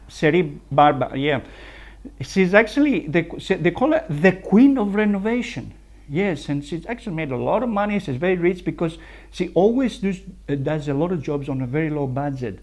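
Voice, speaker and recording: A builder talking casually on a building site, chatty and laughing often at his own jokes. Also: high-pitched. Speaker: licensed builder. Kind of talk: casual chat reacting to clips.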